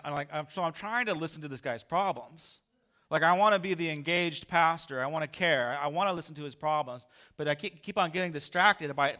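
Male pastor, sermon storytelling, bright forceful voice, animated, slightly high. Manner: animated, acts out his own lines loudly.

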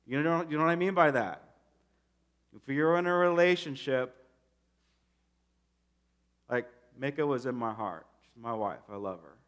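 A man in his thirties, a pastor, preaching a sermon in a conversational, animated way and acting out quotes. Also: mid-range voice, unhurried, pauses often.

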